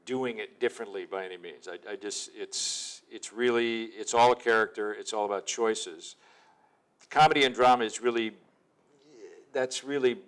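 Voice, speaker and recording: A man being interviewed as an actor, talking in a low-key, thoughtful and self-deprecating way. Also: a bit bright. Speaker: actor guest. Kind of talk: casual interview talk.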